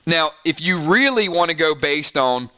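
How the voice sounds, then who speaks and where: Guy chatting on a livestream, reads out chat, bright slightly high voice, lots of "right?". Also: clear, resonant tone. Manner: chatty and animated, quick asides, frequent "right?". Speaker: host of a gaming channel livestream. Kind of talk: casual livestream chat reading viewer comments.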